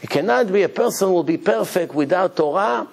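Man doing earnest, calm rabbi; gravelly. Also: high-pitched, fairly quick, a little hiss or hum, voice pushed up. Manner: earnest, reasoning aloud. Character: wise medieval rabbi, a calm, doubting man.

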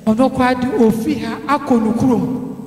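A woman's voice: a little high, normal speed. Woman telling a church testimony. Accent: Ghanaian. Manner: lively storytelling, acting out dialogue. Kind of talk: spoken testimony. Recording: echoey hall, long reverb.

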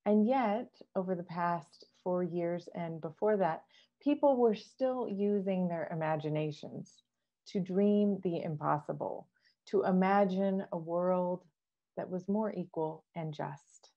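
A woman minister giving a sermon in a measured, earnest way. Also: fairly low pitch, muffled recording.

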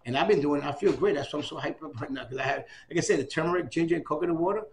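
A man in his fifties in an oral history interview, talking in an excitable, repetitive way and giving out many shout-outs. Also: on the high side, rapid-fire, creaky. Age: 50s.

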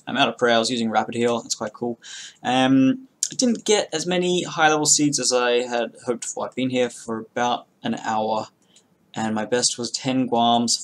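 A young man giving casual, chatty gameplay commentary as a channel host, swearing freely and breaking into loud bursts of excitement. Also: medium pitch.

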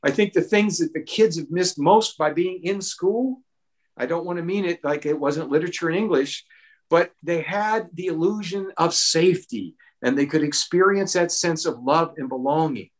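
A middle-aged man answering a question at a town hall, earnest and animated, giving parenting advice with personal stories. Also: fairly high pitch, moderate pace. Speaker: mental health expert.

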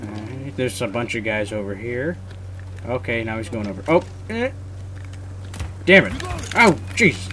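Lively young man raging at a game. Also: mid-range voice, measured pace, long pauses, noisy background. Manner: swings from muttering to loud swearing rage. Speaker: gamer recording his match. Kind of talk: live gameplay commentary.

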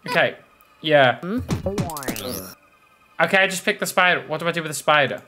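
A man hosts a gaming video, excitably commenting on the game and shouting at its character. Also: fairly high pitch, moderate pace. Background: game music.

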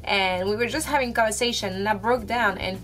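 A young woman talking to camera from her room in a casual, emotional vlog, halting with restarts and fillers. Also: mid-range voice, fairly bright tone. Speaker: vlogger.

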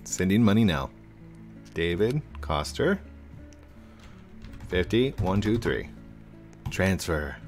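A gaming YouTuber with a deep voice gives chatty live commentary while playing an online game, talking to other players and getting excited whenever he finds someone. He takes it slowly and pauses often, with faint music behind him.

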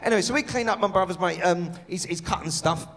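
Sweary comic in a live hall. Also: male voice, high-pitched, fast, fairly bright tone. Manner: sweary, crowd-teasing. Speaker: stand-up comedian. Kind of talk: live stand-up set. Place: comedy venue stage.

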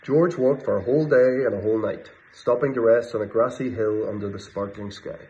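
A man reads a children's picture book aloud, gentle and expressive, his voice sitting at an ordinary middle pitch. The recording is a little dull and lo-fi, like a home phone video. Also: brisk. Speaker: storybook reader. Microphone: phone or camera video. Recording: slightly muffled lo-fi sound.

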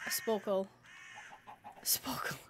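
A woman's voice: very slow, noisy background. A woman streaming a game live, chatting and mocking herself as she talks to her animals. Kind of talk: live gameplay commentary.

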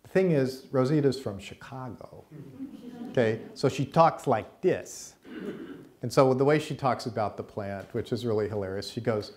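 A man teaching a course, telling a story in a conversational, unhurried way and checking in with his listeners, in a college teaching room. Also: medium pitch, darkish tone. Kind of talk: storytelling lecture.

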